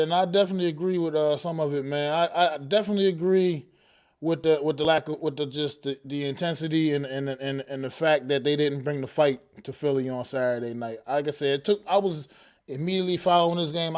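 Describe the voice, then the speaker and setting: A man's voice: a little high, fairly even intonation, a little fast, a little mellow, clean tone. A man hosting a sports podcast in a casual, slangy way, greeting listeners and repeating himself. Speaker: podcast host.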